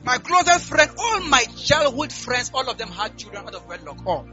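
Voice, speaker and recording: High bright-voiced fervent man preaching. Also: very animated, normal speed, highs cut off, soft background music. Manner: call-and-response, asks "are we together?"; rising to loud fervent prayer. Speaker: pastor. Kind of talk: sermon with announcements and prayer. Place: church.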